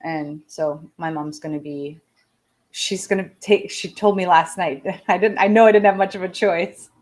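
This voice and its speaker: Chatty laughing woman, lowish voice. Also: steady tone, normal speed. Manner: chatty, laughs often, self-deprecating asides. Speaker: live show host talking to viewers. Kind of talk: casual personal chat.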